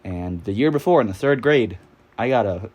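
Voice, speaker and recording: A man's voice: on the low side, lively intonation, normal speed, a little mellow. A man in his twenties from New York, telling a story in a rambling, casual way, full of fillers and swearing while he plays a game. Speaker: vlogger.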